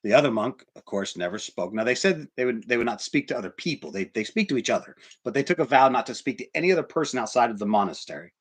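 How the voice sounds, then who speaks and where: A man with a husky, breathy voice preaches a sermon in a church. He drops to hushed, near-whispered lines and then rises to loud, emphatic ones. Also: mid-range voice, lively intonation, fast talker, hardly any pauses. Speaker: pastor.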